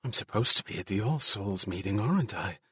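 Casting: anxious bewildered young guy, soft muttering, as the narrator voices him. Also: medium pitch, sing-song, moderate pace, husky, no room sound, studio quality. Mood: dazed. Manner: quiet, dazed and worried.

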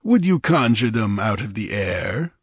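A man's voice: fairly low pitch, big pitch swings, unhurried, breathy edge, no echo, studio quality, full character voice. A man reading aloud, voicing a hot-tempered, ambitious male bandit chief with a commanding, sardonic manner. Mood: angry, menacing.

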